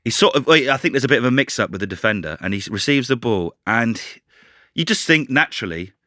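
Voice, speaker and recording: A man guest-hosting a football podcast, telling an animated story in casual chat and swearing freely. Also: mid-range voice, fast talker, no room sound, studio quality.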